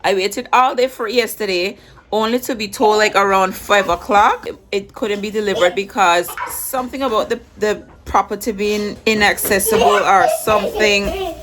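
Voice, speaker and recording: A woman's voice: medium pitch, moderate pace. A woman, vlogging casually on a phone as she chats and talks to her kids. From Jamaica, raised in Anguilla. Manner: chatty, rambling, talks to her kids between asides. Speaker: vlogger and mother. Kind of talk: casual vlog chat. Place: in a car, then at home. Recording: vehicle noise in background.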